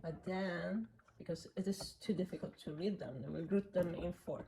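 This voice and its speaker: A woman's voice: fairly low pitch, moderate pace, vocal fry, mellow, a little hiss or hum. A woman giving a beginner piano lesson, patiently counting beats and chanting rhythm syllables aloud. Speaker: piano teacher.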